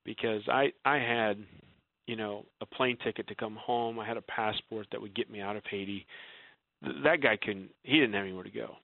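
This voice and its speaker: A man guest telling an emotional personal story in an earnest way, his voice dropping soft when he quotes others. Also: fairly low pitch, fairly even intonation, a little fast, vocal fry, no echo. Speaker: guest author. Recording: dry, phone-like narrow sound.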